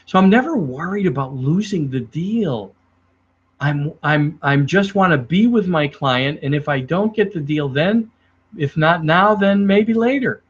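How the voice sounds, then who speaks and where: A middle-aged man who trains salespeople. He talks in a lively way to the camera and acts out his clients as he tells stories. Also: fairly high pitch, measured pace, slightly rough. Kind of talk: speaking to the camera about selling. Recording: dull lo-fi sound.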